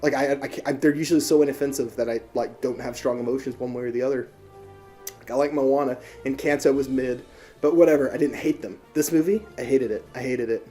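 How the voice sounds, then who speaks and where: A young man with a mellow, darker tone rants through a movie review, swearing freely and sounding exasperated. Faint music sits behind his voice. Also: mid-range voice, steady tone, fairly quick. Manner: profane, exasperated ranting.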